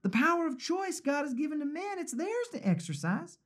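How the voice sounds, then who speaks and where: A high, soothing Southern belle , as a male preacher puts her on. She drawls in a Southern US accent and coaxes gently, calling you honey and sugar. Her pitch sits well above a man's, and the melody rises and falls. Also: very animated, fairly quick, exaggerated voice. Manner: drawling, coaxing, calls listener honey and sugar. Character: sweet reassuring Southern belle woman.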